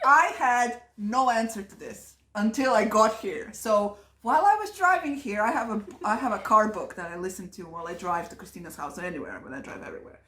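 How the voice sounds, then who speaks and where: A woman's voice: mid-range voice, animated, brisk, few pauses, a bit bright. A woman co-hosting a casual book chat, enthusiastic, laughing often and swearing freely. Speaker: booktuber co-host. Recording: echoey room.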